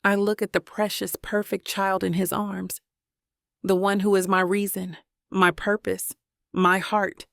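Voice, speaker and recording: A woman narrating a romance audiobook in first person, measured and steady. Her voice has a gravelly fry and barely rises or falls. The sound is dry and close to the mic. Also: medium pitch, no room sound.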